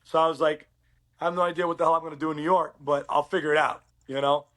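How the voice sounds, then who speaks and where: A middle-aged man from Uruguay, a podcast guest, telling his story in a casual, animated way and acting out quoted dialogue. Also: fairly high pitch, quick pace.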